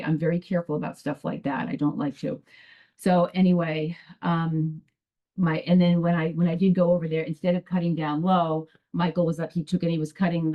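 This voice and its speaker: Low, hesitant woman testifying at a meeting. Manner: hesitant, rambling retelling full of restarts. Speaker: resident addressing a town commission. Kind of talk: public testimony at a town meeting. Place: town meeting room. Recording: dull lo-fi public access broadcast.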